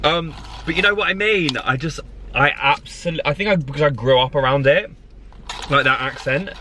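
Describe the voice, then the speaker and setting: A man's voice: fairly high pitch, brisk, slight background noise. A man, talking casually and rambling with lots of laughs in a vlog from his car. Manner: animated, rambling, laughs often. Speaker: vlogger.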